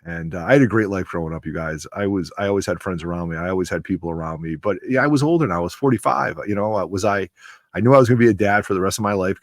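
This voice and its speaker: A man in his forties with a lowish voice talks straight into a dry, close mic. He hosts a comic book channel and gives a heartfelt tribute that rambles and runs with emotion. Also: dry recording.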